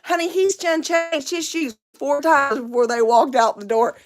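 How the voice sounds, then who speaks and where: A woman's voice: sits high, moderate pace. A middle-aged woman, rambling chattily in a casual livestream and laughing often. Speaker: vlogger.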